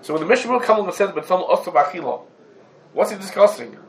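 Male teacher, a touch higher-pitched, lively questioning delivery in a classroom lesson, light background noise. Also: fast talker, creaky, poor audio. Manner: lively, rhetorical questions, Hebrew terms woven into English. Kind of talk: Talmudic law lesson.

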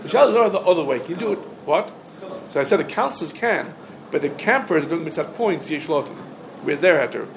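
A man's voice: a little high, lively intonation, a little fast, creaky, background noise. A man teaching an informal halacha class, posing rhetorical questions and answering them, his talk dense with Hebrew terms. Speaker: Torah teacher.

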